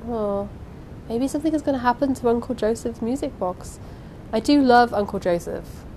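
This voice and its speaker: A woman reading a classic novel aloud and then chatting casually about the chapter in a lively, expressive way. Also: on the high side, moderate pace, a little hiss or hum, poor audio. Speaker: reader.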